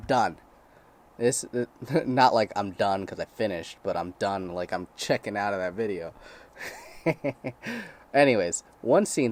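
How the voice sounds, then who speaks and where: A young man with a crude, sarcastic manner, reading blog posts aloud and breaking off to comment and laugh. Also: mid-range voice.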